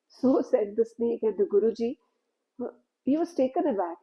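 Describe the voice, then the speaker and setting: A woman telling a spiritual story in a gentle, unhurried, conversational way. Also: on the high side, expressive, muffled recording.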